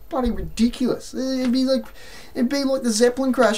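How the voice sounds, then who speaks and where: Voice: high-pitched, fairly even intonation, brisk, a little mellow, slight background noise. An Australian-accented vlogger delivering an exasperated, sarcastic opinion rant to camera, with mocking asides.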